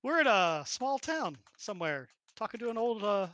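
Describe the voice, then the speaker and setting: A woman narrating as dungeon master, casual with quick asides and laughter. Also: mid-range voice, sing-song, a bit bright, highs cut off. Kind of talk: narrating a tabletop game.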